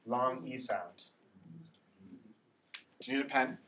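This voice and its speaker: A man with a mid-range voice speaks slowly over background noise, leading a classroom pronunciation drill as an English teacher. He patiently says words for the class to repeat and checks in with "right?", recorded from a distance in the classroom.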